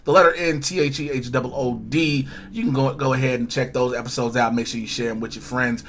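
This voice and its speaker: A man's voice: mid-range voice, steady tone, fast, fairly bright tone, a little hiss or hum. A man hosting a casual episode review and plugging his channels in an upbeat, punchy way. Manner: upbeat, punchy promo delivery. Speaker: host.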